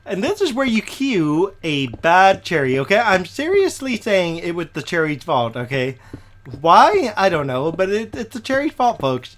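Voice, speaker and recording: A man, slightly hoarse and recovering from a cough, chatting casually through his gameplay in a rambling way with lots of "okay?" tag questions. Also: high-pitched, big pitch swings, normal speed. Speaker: Minecraft let's player.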